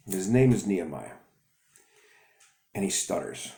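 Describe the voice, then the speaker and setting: A man's voice: deep voice, very animated, measured pace, pauses often, dark tone. A man hosting a ministry video, telling a story in a rambling way with restarts. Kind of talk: storytelling sermon. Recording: echoey room.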